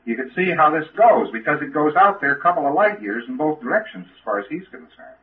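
A man's voice: fairly high pitch, very animated, a little fast. A man giving an informal lecture to trainees in a folksy, emphatic way, often restarting his sentences. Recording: tinny lo-fi old tape.

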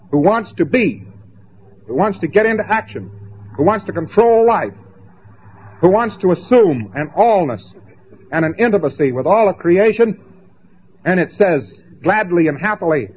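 A man giving a lecture, emphatic and dramatic, with long pauses and mocking asides. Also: sits high, slight background noise. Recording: tinny lo-fi old recording.

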